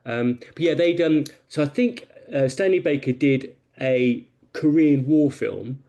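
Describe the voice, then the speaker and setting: Man with a gravelly voice. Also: mid-range voice, a little slow, mellow, lo-fi sound. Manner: rambling, anecdotal storyteller. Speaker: podcast panelist. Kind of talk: casual podcast discussion.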